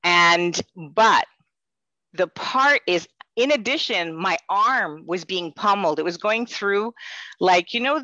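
Woman telling her faith story, bright edgy voice, kinda dull lo-fi sound, dry. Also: medium pitch, no echo. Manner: earnest, rambling storytelling with quoted dialogue. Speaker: member sharing a personal testimony. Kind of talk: faith testimony, casual storytelling.

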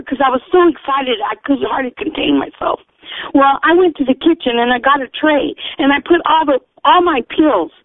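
A woman telling her personal testimony in an earnest, excited storytelling manner, acting out the voices of others. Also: sits high, no room sound. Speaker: testimony speaker. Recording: dry, tinny phone-like radio sound.

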